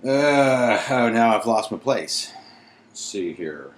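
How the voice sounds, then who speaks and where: A man reading a bedtime story to his kids, breaking off for playful, chatty asides. He speaks slowly with lively rises and falls, and the room gives his voice a noticeable echo. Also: on the low side. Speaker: father reading aloud. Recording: roomy echo.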